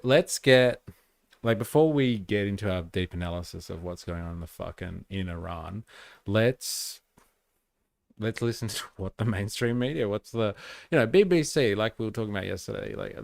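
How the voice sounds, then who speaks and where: A gravelly, lower-voiced man with a Western Sydney Australian accent, talking in a casual, rambling way full of "like" fillers as he reads out viewer comments. The recording is dry and close, with no room sound. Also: moderate pace, a little mellow, dry recording. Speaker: live stream host. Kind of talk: casual political commentary stream.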